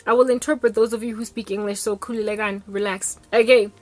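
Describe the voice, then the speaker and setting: A woman's voice: mid-range voice, quick pace. Chatty South African woman storyteller. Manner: animated, code-switching, chatty. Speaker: vlogger. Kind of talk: storytelling monologue. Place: home.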